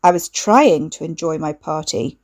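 A woman's voice: medium pitch, expressive, moderate pace, gravelly, breathy edge. A woman reading the lines of a needy young woman who turns cold and accusing. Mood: sarcastic. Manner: accusing, sharp, clingy. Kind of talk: audiobook dialogue reading.

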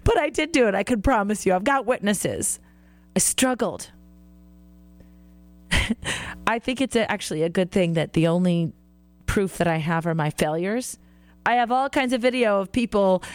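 A woman's voice: lowish voice, darkish tone, no room sound. A woman hosting a faith-based radio show, talking earnestly and encouragingly, with frequent laughs.

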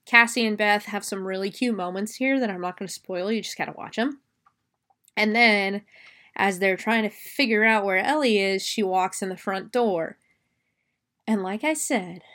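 Excitable woman gushing over a movie. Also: mid-range voice. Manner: animated, swears freely. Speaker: movie reviewer. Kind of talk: casual film recap.

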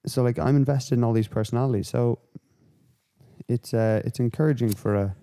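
Sweary, rambling podcast host. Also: male voice, mid-range voice, a little fast, smooth. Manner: rambling, sweary, animated rants. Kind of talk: casual chat.

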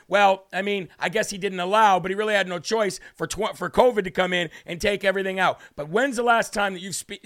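A man's voice: sits high, fairly bright tone. A man hosting a live political commentary stream, talking in an emphatic, fired-up way and reading out comments from the live chat. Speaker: political livestream host.

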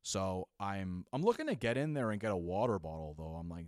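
Young male storyteller, casual and animated, acts out voices, dead-dry recording. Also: deep voice, brisk, few pauses, no echo. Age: young adult. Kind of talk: comedic storytelling.

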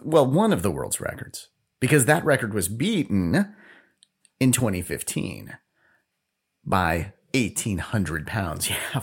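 Jokey man hosting a lively podcast. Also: medium pitch. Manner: jokey, chatty, laughs at own quips. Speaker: podcast host. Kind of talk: casual solo podcast.

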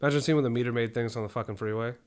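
A man co-hosting a podcast, telling a story in casual, profane, rambling chat that grows loud and heated. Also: medium pitch, fairly even intonation, racing, a little hiss or hum. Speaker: podcast co-host.

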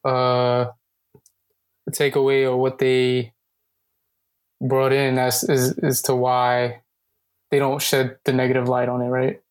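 A man's voice: mid-range voice, monotone, slow pace, long pauses. Laid-back man recapping an argument. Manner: laughs often, checks his understanding. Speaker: podcast co-host. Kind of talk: casual chat.

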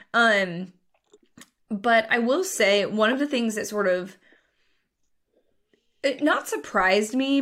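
A woman co-hosting a sports podcast in casual chat, talking fast and loose with lots of "like". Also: medium pitch. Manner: chatty, heavy use of "like", animated. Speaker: podcast co-host.

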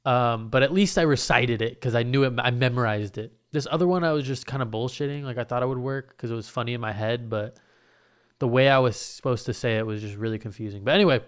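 A young man casually telling a story in a rambling, profane, animated way, full of restarts. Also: medium pitch, fast, smooth.

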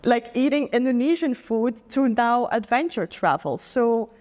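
A woman's voice: fairly high pitch, lively intonation, unhurried, a little mellow, long reverb tail. A young adult woman from the Netherlands with a Dutch accent, a guest in a casual interview chat who talks earnestly and reflectively, often saying "like".

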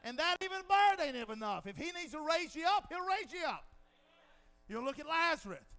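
Preacher, male, very high voice, bright and forceful, dramatic sermon delivery. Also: big pitch swings, a little fast, soft background music. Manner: swings from near-whispers to shouted peaks; dramatizes scenes with quoted dialogue.

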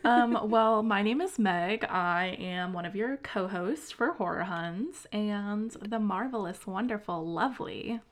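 A woman's voice: mid-range voice, unhurried, few pauses. Chatty woman podcast co-host. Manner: chatty and enthusiastic, with frequent ums. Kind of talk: casual chat.

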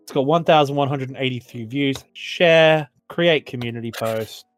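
A man's voice: medium pitch, normal speed, soft background music. A young man co-hosting a casual podcast, joking and laughing a lot as he chats. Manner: laughing, joking, puts on regional voices. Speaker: podcast co-host. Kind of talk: casual chat.

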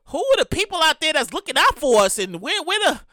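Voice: sits high, very animated, a little fast, sharp tone, dry recording, studio quality. A show host giving casual, profane commentary on the news, often stumbling and repeating words and acting out other people's reactions.

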